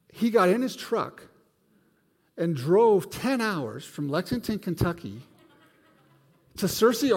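This pastor's voice runs a little high and slightly rough, with a long reverb tail filling the sanctuary. He preaches a sermon built around a personal story, animatedly performing the different voices in it.

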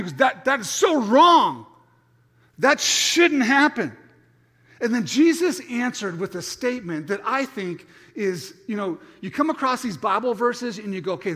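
A man in middle age preaches a sermon in a high, animated voice, stumbling into restarts as he acts out scenes. His words ring with long reverb through a church sanctuary. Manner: animated storytelling, acting out voices, frequent restarts. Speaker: pastor.

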